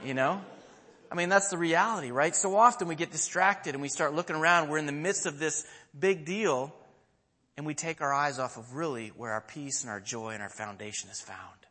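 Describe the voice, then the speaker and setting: A man preaching a sermon, telling a story with lively acted-out quotes and questions to his listeners. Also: fairly high pitch, moderate pace. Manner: animated storytelling, acting out quotes, asking the audience questions. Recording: long hall reverb.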